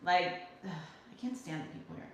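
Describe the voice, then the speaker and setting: A woman's voice: lowish voice, normal speed, a little hiss or hum. Young cali woman ranting on her stream, voice jumps all over, super echoey kitchen. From California. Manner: ranting, animated, swears freely. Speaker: livestream host. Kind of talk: casual livestream chat reading comments. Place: home kitchen. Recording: very echoey room.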